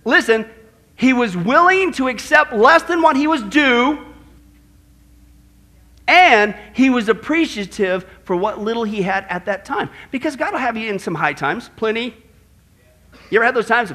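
A male pastor preaching in church with an animated, playful delivery, throwing rhetorical questions at the congregation. His voice sits high and sounds bright, and it swoops widely as he preaches. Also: normal speed. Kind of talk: sermon.

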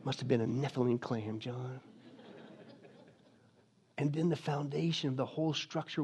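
A male pastor preaching a sermon in a lively, joking manner, swinging from loud to hushed. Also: medium pitch, moderate pace.

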